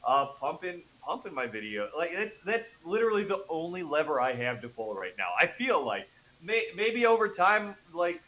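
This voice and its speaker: A man talking casually as a radio show guest about loans, animated and self-deprecating, laughing often. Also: on the high side, normal speed, rough recording. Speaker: VA loan specialist guest.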